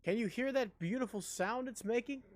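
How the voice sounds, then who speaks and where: A man's voice: very high-pitched, normal speed, dry recording. A man streaming a video game live, chatting in a joking, rambling way. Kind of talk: casual live-stream chat while gaming.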